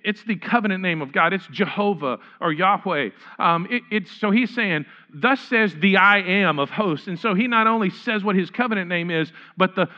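A male pastor preaches with a high, bright voice, stumbling over and repeating words as he works through the text. He gets animated and acts out the lines he quotes. The recording is a bit dull and lo-fi. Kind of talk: sermon.

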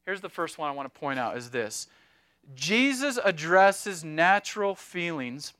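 A man preaching a sermon as pastor, talking emphatically and swinging between loud exhortation and hushed, quiet passages. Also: on the high side, animated, a little slow, clear, resonant tone, no room sound, clean studio sound.

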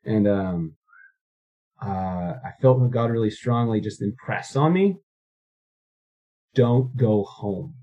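A man's voice: fairly low pitch, lively intonation, takes it slowly, warm tone, dull audio. A man in his thirties, a guest recounting his life story in a casual interview, rambling with many fillers and restarts.

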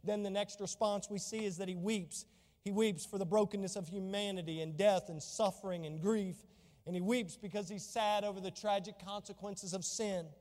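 A man pastor preaching a fervent sermon in a church, swinging from soft to loud, reading scripture in old-fashioned wording. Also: high voice, steady tone, normal speed, long reverb tail.

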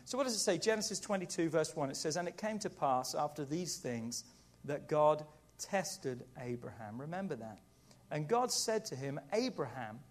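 A middle-aged man preaching a sermon in a lively, conversational way, with playful asides. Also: a little high. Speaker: pastor.

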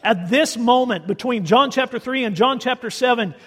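A high-pitched male preacher delivering a sermon with a lingering reverb around him. He swings between ringing, forceful emphasis and near-hushed passages. He reads scripture aloud and acts out its voices. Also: moderate pace. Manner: dramatic, swings from loud to hushed. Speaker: pastor.

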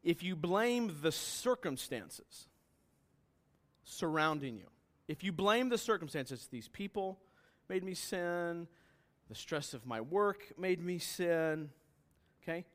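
High-voiced preacher with loud bursts. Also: male voice, expressive, takes it slowly. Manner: earnest, questioning, rises to loud emphatic bursts. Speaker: pastor. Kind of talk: sermon. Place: church hall with congregation.

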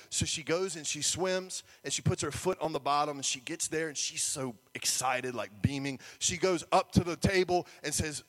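A man preaching a sermon to a congregation, telling a story with animation and building to near-shouting at its peaks. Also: on the high side, brisk, hardly any pauses. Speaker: pastor. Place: church service before a congregation.

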